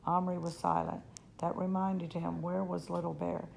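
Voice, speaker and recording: A woman reading a children's novel aloud in steady storytelling, now and then slipping on a word. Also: fairly low pitch, normal speed, creaky, a little hiss or hum, rough recording. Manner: steady storytelling, slips on words. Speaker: reader.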